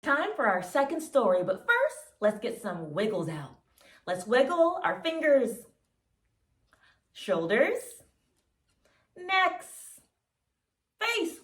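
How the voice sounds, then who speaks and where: A woman's voice: sits high, a bit bright. A woman teaching toddlers, reading a picture book aloud in an enthusiastic, sing-song, encouraging way. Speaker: preschool teacher. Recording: roomy sound, mic at a distance, faint music.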